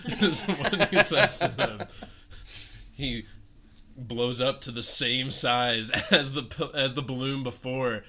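A man's voice: medium pitch, slow pace, sharp tone. A man improvising an absurd comedic story on a podcast, laughing as he rambles. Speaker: podcast co-host.

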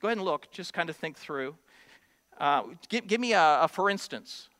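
A man preaching a sermon as a pastor, animated and acting out quoted voices, swinging from loud high exclamations to low quiet lines. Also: normal speed.

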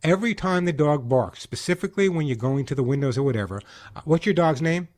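A man hosting a call-in pet radio show, giving emphatic advice with quick jokes. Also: a little high, animated, a little mellow.

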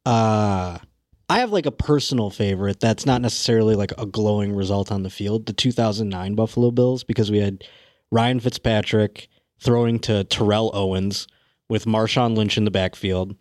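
A man's voice: fairly low pitch, normal speed, darkish tone, no room sound. Laid-back male podcast guest, dry sound. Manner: rambling, laid-back storytelling with swearing. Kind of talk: casual comedy podcast chat.

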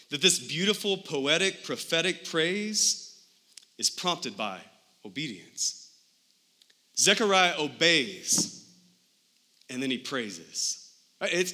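Bright-voiced man preaching a sermon. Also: on the high side. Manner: animated storytelling, acting out quoted voices. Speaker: pastor.

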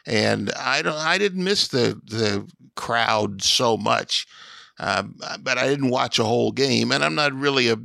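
A middle-aged man co-hosts sports radio in a gravelly, bright voice. He reminisces hesitantly, with lots of uhs. The sound is dry and close. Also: medium pitch, no echo. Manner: reminiscing, hesitant with many fillers. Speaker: radio co-host. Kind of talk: casual sports radio talk.

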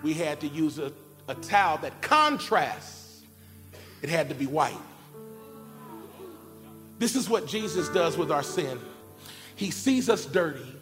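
A man preaching a sermon, telling a family story in an animated way and acting out shouted cries. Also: on the high side, slow pace, pauses often. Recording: long reverb of a large hall. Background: keyboard music.

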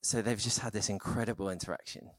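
In a dry, close recording with barely any room sound, a man delivers a sermon in an easygoing, chatty manner. His lowish voice holds a steady tone, and he pauses on fillers often.

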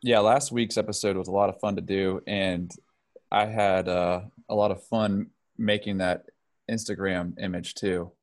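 A man's voice: low voice, fairly even intonation, moderate pace. A man with a Southern drawl co-hosting a casual podcast, laid-back and modest. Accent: Southern American drawl. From Southern United States. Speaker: podcast co-host and art director.

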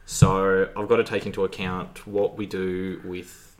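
A man who programs games, a guest on a podcast, explaining his work in a measured way. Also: sits low, little pitch movement. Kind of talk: casual podcast interview.

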